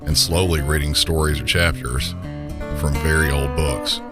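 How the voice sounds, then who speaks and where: Very deep Southern man over music. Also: steady tone, unhurried. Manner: easygoing, folksy. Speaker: podcast host. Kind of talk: podcast sign-off.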